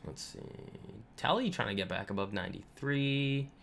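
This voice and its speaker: A man's voice: medium pitch, expressive, moderate pace, gravelly, fairly bright tone, a little hiss or hum. A man hosting a live trading stream, talking casually and a little boastfully about stocks while answering viewers' comments. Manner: chatty and boastful, lots of fillers. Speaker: trading livestream host. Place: home room.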